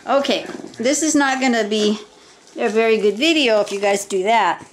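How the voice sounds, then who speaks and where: A woman's voice: fairly high pitch, moderate pace, slight background noise. An older woman at home, filming her puppies and chatting in a playful sing-song baby-talk voice. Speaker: puppy owner filming her dogs. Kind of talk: casual home video chat. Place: indoor room at home with puppies.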